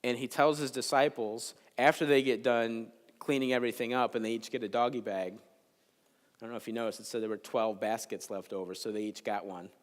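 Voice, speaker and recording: A man giving a chapel sermon in a relaxed, conversational way, telling a Bible story with jokes. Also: medium pitch, fairly quick. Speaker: chapel speaker. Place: large chapel. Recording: long hall reverb in a chapel.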